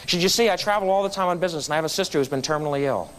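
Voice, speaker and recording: A man's voice: on the high side, racing, few pauses, a little hiss or hum. A middle-aged man giving a storytelling speech at a club meeting, acting out the people in his story. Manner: animated, acts out quoted voices. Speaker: guest speaker at a club meeting. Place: meeting room.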